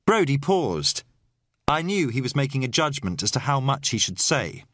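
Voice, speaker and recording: A man reading a first-person thriller audiobook in an even, expressive storytelling voice. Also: mid-range voice, moderate pace, no room sound, clean studio sound. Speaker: audiobook narrator.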